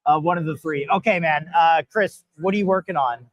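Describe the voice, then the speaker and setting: Upbeat host with a higher voice. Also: male voice, lo-fi sound. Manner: upbeat, quick reactions, chatty. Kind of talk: casual live-stream interview. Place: hackathon event floor.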